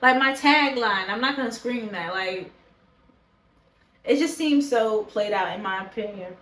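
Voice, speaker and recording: A woman's voice: a little high, measured pace, fairly bright tone, reverberant, poor audio. A woman reviewing a reality show in casual chat to camera, blunt, profane and opinionated. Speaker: show reaction vlogger. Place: indoors, talking to a camera.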